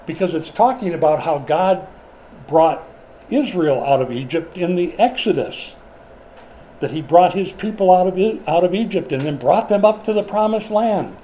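A man's voice: high voice, animated, moderate pace, warm tone, a little hiss or hum, poor audio. A middle-aged man preaching a sermon in a conversational way, asking the congregation questions as he goes. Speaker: pastor.

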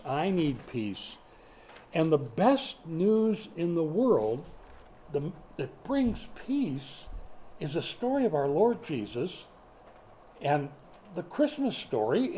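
Mellow-voiced older man preaching a sermon. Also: high-pitched, slight background noise. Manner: folksy storytelling with acted-out quotes. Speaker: pastor.

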